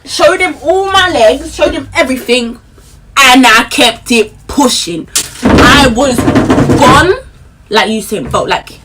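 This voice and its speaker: A 21-year-old woman telling a story time vlog in an animated, chatty way, laughing between lines. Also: high voice, slow pace, slight background noise. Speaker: vlogger.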